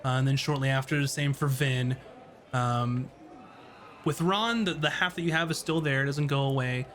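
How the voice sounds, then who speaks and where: A man's voice: mid-range voice, a bit bright, a little hiss or hum. Rambling man narrating a tabletop game. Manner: rambling, halting narration with many fillers. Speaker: game master.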